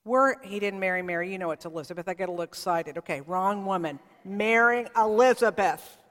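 A woman preaching a storytelling sermon, lively and chatty, talking straight to her congregation. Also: medium pitch, brisk, hardly any pauses, big-room sound. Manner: lively, acts out characters, talks to the congregation.

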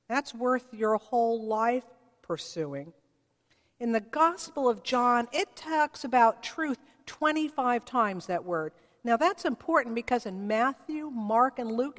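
A woman preaches slowly and thoughtfully, her voice pitched a little high. She often slips into the voices of the people she quotes. The sound carries a long echo, as in a church sanctuary. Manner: reflective, acts out quoted voices. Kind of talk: sermon. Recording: long reverb of a large hall.

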